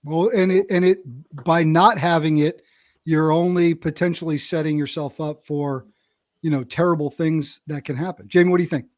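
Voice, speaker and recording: A man hosting a podcast, energetic and rallying as he hands off to guests and promotes an event. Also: a little high, moderate pace, no room sound, studio quality. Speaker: podcast host. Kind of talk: podcast conversation.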